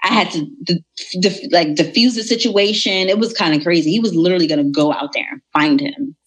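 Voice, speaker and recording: Low-voiced young woman telling a story. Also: a little fast, breathy edge. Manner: animated, retells dialogue in voices. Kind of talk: casual storytelling.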